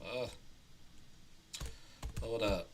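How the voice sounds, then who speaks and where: A man's voice: fairly low pitch, drawn-out words, slight background noise. Rambling man on a livestream. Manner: rambling, repeats himself, restarts often. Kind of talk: casual livestream chat. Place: at his computer, typing.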